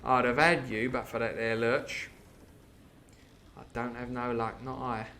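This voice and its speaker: A man voicing a wounded, sly old male pirate with an attempted Cockney accent, low and mumbling. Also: little pitch movement, measured pace, sharp tone, a little hiss or hum.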